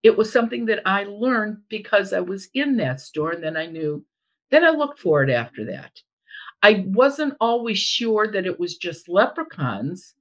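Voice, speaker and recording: A woman's voice: mid-range voice, unhurried, poor audio. A middle-aged woman telling a personal story in casual chat, acting out what people said. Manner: animated, acts out quoted voices. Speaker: storyteller guest.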